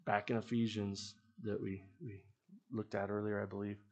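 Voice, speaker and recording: A man's voice: lowish voice, level tone, normal speed, a little mellow. A man who leads a youth ministry, giving an earnest, conversational sermon to the people who support it. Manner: earnest, conversational preaching with restarts.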